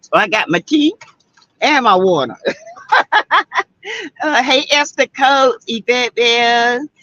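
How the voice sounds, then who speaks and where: A woman's voice: fairly high pitch, slow, a bit bright, dry recording, lo-fi sound. A woman with a Southern US accent from South Carolina, hosting a casual livestream and greeting viewers by name in a chatty way. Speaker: livestream host. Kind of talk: casual livestream chat reading viewer comments.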